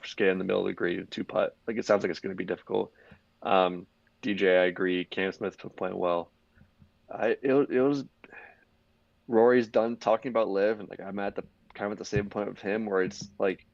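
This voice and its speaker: A man's voice: fairly low pitch, vocal fry, dry recording, lo-fi sound. A young man co-hosting a podcast, chatting casually and rambling with lots of "like" and restarts. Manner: rambling, heavy use of "like", many restarts. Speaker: podcast co-host. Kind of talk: casual sports chat.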